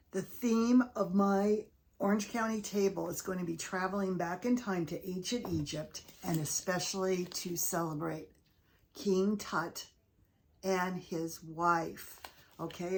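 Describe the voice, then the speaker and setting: Chatty craft-vlogging woman, low voice. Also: unhurried, a little mellow, a little hiss or hum. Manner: enthusiastic, chatty, gushing over her crafts. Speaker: craft video host. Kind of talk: casual crafting vlog.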